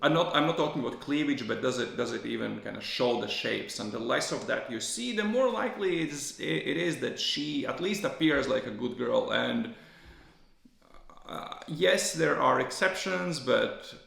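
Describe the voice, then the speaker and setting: A man's voice: medium pitch, expressive, normal speed, creaky, fairly bright tone. A man hosting a podcast, talking casually in a rambling way with many restarts and repeated words. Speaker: podcast host. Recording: roomy echo.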